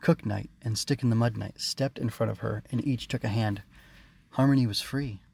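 A man, the author, narrating his own story in a steady, measured audiobook reading. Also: medium pitch, gravelly, slight background noise.

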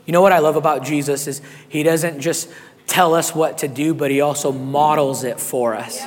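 A man preaching a sermon as pastor, hoarse and raspy, animated and calling on the congregation to respond. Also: a little high, moderate pace, in a large hall.

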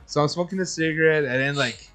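A man's voice: a little high, fast, fairly bright tone, soft background music. A man co-hosting a podcast, telling stories in casual chat, profane and laughing, with lots of fillers and restarts. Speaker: podcast co-host.

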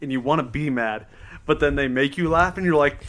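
A man's voice: a little high, fairly quick, a bit bright. A man hosting a casual podcast, asking the guest questions and laughing easily. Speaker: podcast host. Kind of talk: casual chat.

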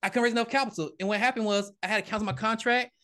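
A man, a married father, telling his story as a podcast guest in casual conversation, animated and often repeating and restarting his words. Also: sits high, racing. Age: adult, married father. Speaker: podcast guest, real estate investor.

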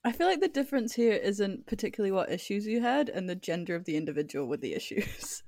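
A woman's voice: medium pitch, lively intonation, fast, vocal fry, darkish tone, slight background noise. Dry, fact-correcting woman co-host. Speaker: podcast co-host. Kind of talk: casual podcast chat.

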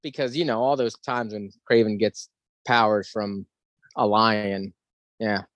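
A man co-hosting a podcast in casual chat, animated, sarcastic and profane. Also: on the low side, a little slow, no room sound. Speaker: podcast co-host.

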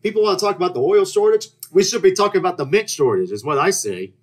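A man's voice: sits high, expressive, quick pace. Rambling young man telling stories. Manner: rambling, joking, with restarts and mock-outraged rants. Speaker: podcast host. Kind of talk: casual storytelling monologue.

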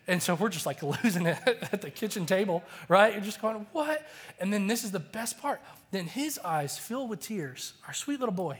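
A man's voice: sits high, expressive, moderate pace, bright, forceful tone. A man in his thirties, a pastor giving a conversational, storytelling sermon that acts out the quotes. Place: church auditorium.

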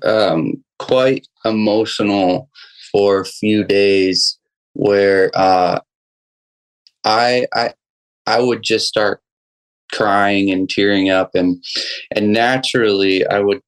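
Halting, low-voiced young man. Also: fairly even intonation, clear, resonant tone, poor audio. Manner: halting, many restarts and fillers, soft laughs. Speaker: guest musician and songwriter. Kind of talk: casual interview storytelling.

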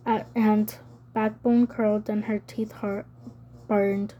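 A woman reading a novel aloud as an audiobook narrator, measured and even. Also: medium pitch, highs cut off. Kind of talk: scripted narration.

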